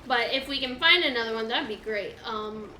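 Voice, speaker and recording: Woman gaming and chatting, kinda high bright voice, lots of um and uh. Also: moderate pace, echoey room, a little hiss or hum. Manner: chatty, thinks aloud with fillers. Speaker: game co-player. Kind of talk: casual gaming chat.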